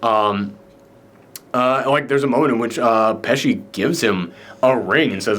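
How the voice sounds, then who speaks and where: A man's voice: mid-range voice, measured pace, a bit bright. A man hosting a casual movie reaction chat, enthusiastic and rambling, with lots of fillers and restarts. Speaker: film review show host.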